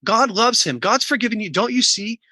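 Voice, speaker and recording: A man voicing a dismissive adult who hushes a hurt boy in a soothing, preachy tone. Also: sits high, moderate pace, no room sound, voice pushed up, full character voice. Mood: hushing. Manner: soothing yet brushing off, preachy.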